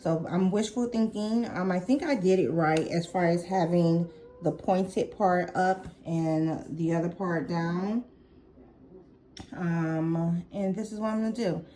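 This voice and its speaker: A woman's voice: on the low side, a little slow, warm tone, slight background noise. A woman records a casual gardening vlog on her phone at home. She chats loosely as she works, trailing off into fillers and restarting her sentences, in a plain everyday voice. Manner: chatty, thinks aloud with many fillers and restarts. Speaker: gardening vlogger. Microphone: phone camera.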